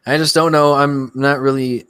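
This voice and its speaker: A laid-back man in a casual podcast chat, answering with dry, sarcastic remarks. His voice sits at a middling pitch, and the recording is dry and close. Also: little pitch movement, moderate pace, sharp tone, clean tone, no echo. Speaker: podcast co-host.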